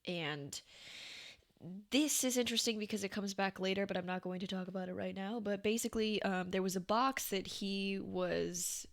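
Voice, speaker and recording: Chatty woman co-host, relaxed comic book talk, laughs easily. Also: medium pitch, normal speed. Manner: chatty, laughing often, many fillers. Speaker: podcast co-host. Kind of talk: casual comic book discussion.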